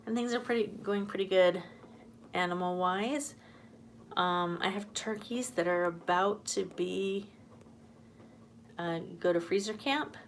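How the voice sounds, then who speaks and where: Hosting a homesteading live stream, a woman chats loosely, greets viewers from the comments, and laughs easily. Her mid-range voice is a little slow with long pauses, and a slight hiss or hum can be heard.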